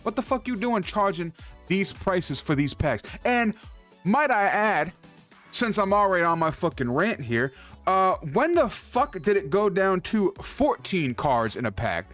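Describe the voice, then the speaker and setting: A man on a livestream, fired up and cursing through a rant, his voice lifting a little higher than most men's. His pitch swings widely as he gets heated, repeating himself mid-sentence. Faint music plays underneath. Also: unhurried. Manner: swears constantly, animated, repeats himself when heated. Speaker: streamer ranting about card prices. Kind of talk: profane heated rant to stream chat. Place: indoor streaming setup.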